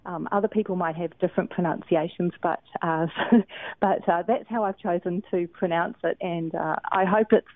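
Hesitant low woman on a phone line. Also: steady tone, moderate pace, no room sound. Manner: thoughtful, with many ums and restarts. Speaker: author guest on a call-in radio show. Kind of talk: casual radio chat about scripture.

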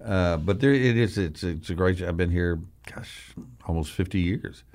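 An older man with a very low voice hosts a radio talk show from the studio. He rambles through folksy stories with jokey asides, relaxed and conversational. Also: normal speed. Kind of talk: casual studio chat.

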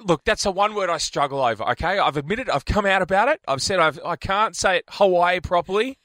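A man's voice: high voice, expressive, a little fast, fairly bright tone, no echo, clean studio sound. A man co-hosting a radio show, joking playfully in casual chat. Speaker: radio co-host.

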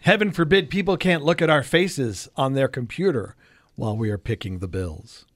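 A man's voice: mid-range voice, normal speed. A man co-hosting a sports radio show in casual, self-mocking banter. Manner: joking, self-mocking, animated.

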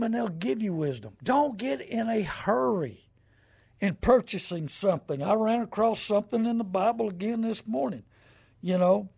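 A man's voice: high-pitched, gravelly, darkish tone, husky. A middle-aged man, a show host, giving casual advice in a rambling, folksy, emphatic way.

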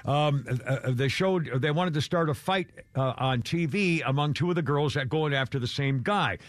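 A man's voice: a little high, normal speed, no room sound. Older male host, chatty and wry, mocks himself, dry close sound. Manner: rambling, wry, self-deprecating, gossipy. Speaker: radio show host. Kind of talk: casual talk radio chat.

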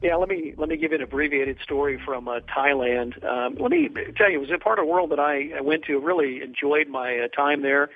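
A man's voice: on the high side, brisk, hardly any pauses, soft background music. A man, a ministry guest on a radio talk show, telling an earnest story with many fillers over a phone line.

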